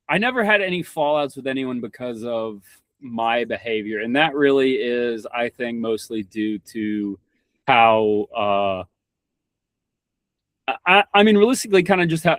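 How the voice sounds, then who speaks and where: A young Kentucky man guests on a podcast, talking casually in a rambling way with frequent restarts, stammered repeats and blunt swearing. His voice is medium-pitched with a fairly bright tone, recorded dry.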